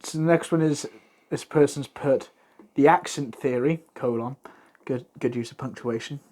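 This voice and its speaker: Man, podcast co-host, casual chat, animated, jokey asides. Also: mid-range voice, normal speed. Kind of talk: casual chat reading fan theories.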